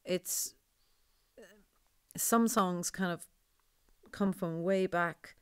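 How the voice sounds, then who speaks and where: A woman with a deep voice, a singer talking in an interview in a rambling, digressive way. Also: drawn-out words, clear, resonant tone, no room sound. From Ireland. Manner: rambling, digressive, laughs often. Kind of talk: conversational interview.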